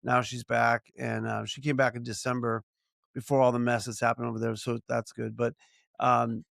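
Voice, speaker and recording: An older man co-hosting a podcast, chatting casually and rambling through stories with plenty of restarts. His voice is gravelly and mid-pitched. The sound is dry and close. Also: flat delivery, moderate pace, a bit bright, no echo. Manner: rambling storyteller with many restarts and fillers. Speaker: podcast co-host. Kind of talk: casual chat.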